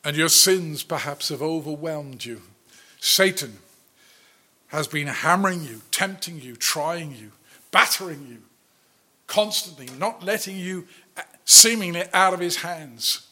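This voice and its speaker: A man preaching a sermon, earnest and deliberate, rising to loud declarations and then dropping to a near hush. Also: fairly high pitch. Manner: slow, earnest preaching that swells loud then drops very soft.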